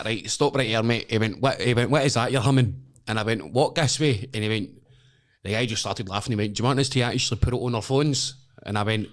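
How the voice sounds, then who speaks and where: A young Scottish man, a wrestler and podcast guest, telling animated, swear-filled stories and acting out the voices of the people in them. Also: fairly low pitch. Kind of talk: casual storytelling chat.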